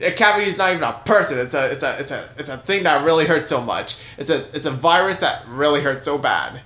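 A man's voice: a little high, animated, fast, sharp tone, reverberant. A man voicing a well-meaning, bumbling chef in a puppet show who rambles and trips over his words. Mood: goofy.

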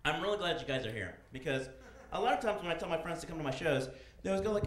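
A man doing stand-up comedy, telling profane, animated stories on a club stage. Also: on the high side, very fast. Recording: echoey club with audience noise.

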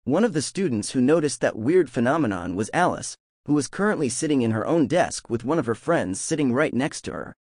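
Lively male audiobook narrator, dry sound. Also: mid-range voice, a little fast, hardly any pauses, no echo. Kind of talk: scripted novel narration.

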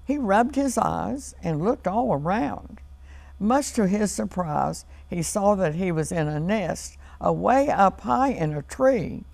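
Woman, children's tv storyteller, slow gentle reading, gravelly, dry studio sound. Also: mid-range voice, animated, no room sound.

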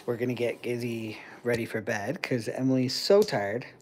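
Man host, doting soft-spoken pet talk, low hiss behind. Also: steady tone, normal speed. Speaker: livestream host with pet birds. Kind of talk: casual chat with pets and viewers.

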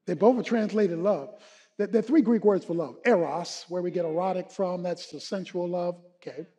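A male pastor preaching a sermon, moving from hushed, slow Bible teaching to shouted, rising exhortation. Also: high-pitched. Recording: long hall reverb.

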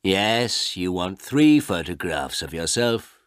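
A man voicing a proud, bossy male photographer who speaks slowly and self-importantly in an audiobook. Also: low voice, big pitch swings, no echo, clean studio sound, full character voice. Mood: boastful. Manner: slow, self-important and impatient. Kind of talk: audiobook character voice.

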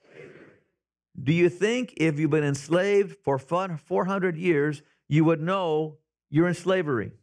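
A man pastor preaching a sermon in a church, telling Bible stories with animated voices for the characters. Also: a little high, unhurried. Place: church sanctuary.

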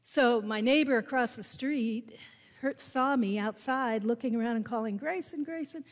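A woman pastor with a Midwestern American accent, preaching a sermon and telling a personal story with deliberate, emphatic delivery. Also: on the high side, fairly even intonation. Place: church sanctuary. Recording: long hall reverb in a church.

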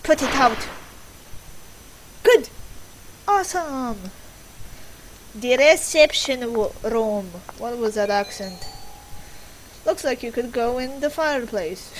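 Slow-talking woman playing a horror game. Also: on the high side, animated, slight background noise, poor audio. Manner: laughs often, swears, reads game text aloud. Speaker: let's play gamer. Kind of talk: casual gaming commentary. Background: game music.

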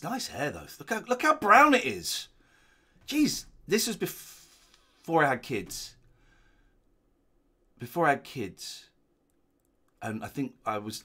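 A middle-aged man rambles through a casual watch-along from his living room. His voice is bright and lively, swinging up in excitement and drifting into low asides. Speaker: host watching an old show.

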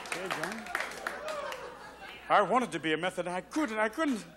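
High, bright-voiced man doing stand-up. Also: fast, a faint crowd, a little hiss or hum. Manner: animated, jumping into mock voices and impressions. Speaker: stand-up comedian. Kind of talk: stand-up comedy set. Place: theater stage before a live audience.

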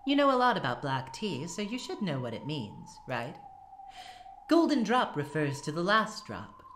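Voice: medium pitch, huge pitch swings, normal speed, fairly bright tone, a little hiss or hum, pitched above the performer's own voice. A reader voicing a cruel, theatrical adult female witch who taunts and gloats grandly, with music behind. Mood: taunting.

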